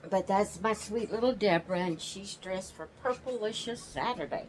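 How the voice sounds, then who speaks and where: A woman hosting her own channel, chatting casually from her rocking chair at home in a slow, homey, rambling way and yawning now and then. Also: mid-range voice, slight background noise, poor audio. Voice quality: slow, drawling, yawns often. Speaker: channel host. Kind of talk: casual chat.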